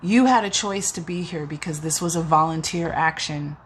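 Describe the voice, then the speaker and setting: A woman's voice: sits low, moderate pace, slight background noise. A woman giving a spiritual oracle reading in an earnest, rambling way, often restarting and getting emotional. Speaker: tarot reader.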